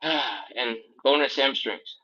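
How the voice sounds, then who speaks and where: A man's voice: medium pitch, takes it slowly, bright, forceful tone. A man leading a live stretching class, counting down reps, coaching and joking, with sighs between sets. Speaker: fitness instructor. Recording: slightly dull lo-fi stream audio.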